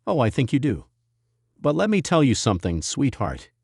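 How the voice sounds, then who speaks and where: A man voicing an arrogant, gruff veteran male wrestler who lectures with a condescending tone. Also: mid-range voice, wildly swooping pitch, moderate pace, darkish tone, no echo, studio quality, pitched above the performer's own voice, full character voice.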